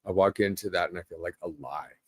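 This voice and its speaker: An earnest man speaking as a guest on a podcast, emphatic in casual conversation. His voice sits very low, and the recording is dry and close-miked. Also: quick pace, darkish tone, husky, dry recording. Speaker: guest, brewery owner. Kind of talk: casual chat.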